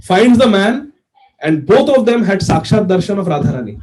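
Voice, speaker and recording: A man's voice: sits high, animated, moderate pace, heavy background noise. A man giving a storytelling sermon in a chatty way, laughing often and acting out the tale. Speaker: speaker giving a scripture discourse.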